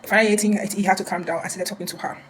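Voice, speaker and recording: A woman's voice: mid-range voice, fairly even intonation, rapid-fire, a little hiss or hum, low-quality recording. A woman counselor giving earnest advice in a casual talk, often repeating words and restarting.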